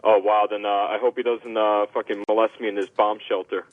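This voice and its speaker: A man calling in to a radio show, delivering crude deadpan one-liners. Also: on the low side, a little fast, dry recording. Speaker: caller. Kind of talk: phoned-in radio call. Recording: tinny phone line.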